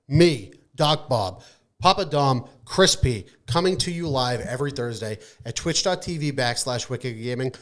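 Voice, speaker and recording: A man hosting a casual gaming podcast, signing off with loud, profane, mock-angry hype. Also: mid-range voice. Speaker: podcast host.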